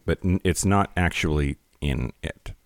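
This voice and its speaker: A man co-hosting a casual podcast, an animated storyteller who keeps asking "right?". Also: a bass voice, a little slow, no room sound. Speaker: podcast co-host. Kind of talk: casual chat.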